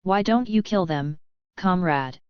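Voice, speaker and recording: A woman voicing a calm, kindly male Russian revolutionary, speaking evenly and soothingly. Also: on the low side, a little slow, clear, resonant tone, no echo, lo-fi sound, lightly acted. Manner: even, quiet and soothing.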